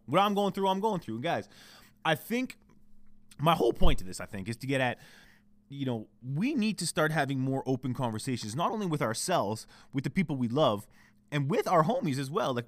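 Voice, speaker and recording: A man's voice: mid-range voice, a bit bright, dry recording. A young Canadian man hosting a solo podcast from home, ranting in a profane, heated and confessional way, cranky. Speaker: podcast host.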